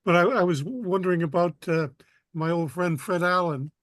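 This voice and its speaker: A man with a notably high voice asks a rambling question over a video call. The sound is dry and close, and he pauses often with hesitant fillers. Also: fairly bright tone, no room sound. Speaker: audience member asking a question.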